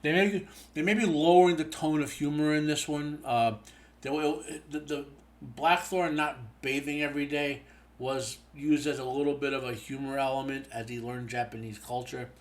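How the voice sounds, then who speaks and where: A man's voice: fairly high pitch, fairly even intonation, normal speed. A tired man hosting a show, giving a casual spoken episode review that rambles with many fillers and restarts. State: tired, yawning.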